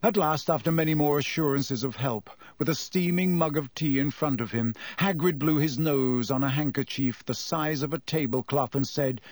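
Guy reading an audiobook, kinda high voice, measured, dead dry sound. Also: no echo. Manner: measured storytelling. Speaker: audiobook narrator. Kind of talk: scripted narration.

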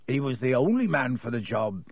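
A man voicing a huge, gruff but kindly gamekeeper who growls his words. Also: medium pitch, sing-song, moderate pace, dry recording, studio quality. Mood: hearty. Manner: growling, hearty.

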